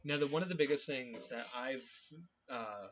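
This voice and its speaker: Earnest, halting youth leader, man. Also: mid-range voice, slight background noise. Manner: earnest, halting, searching for words. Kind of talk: personal faith reflection to camera. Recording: dull lo-fi recording.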